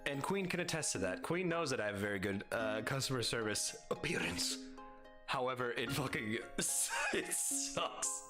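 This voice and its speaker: A man's voice: mid-range voice, lively intonation, brisk, over music. A young adult man streaming live, chatting casually, swearing freely, laughing often and reading chat aloud.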